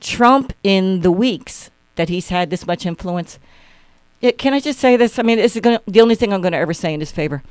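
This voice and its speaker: A man's voice: sits high, expressive, fairly quick, clean tone, dry recording. A man co-hosting a talk radio show, telling a story casually and animatedly, acting out the people he quotes. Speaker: guest host.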